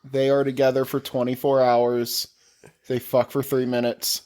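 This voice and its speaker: A man's voice: mid-range voice, completely flat delivery, unhurried, a little mellow. A man co-hosting a casual podcast, adding wry, joking remarks. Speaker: podcast co-host. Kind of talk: casual chat. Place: basement.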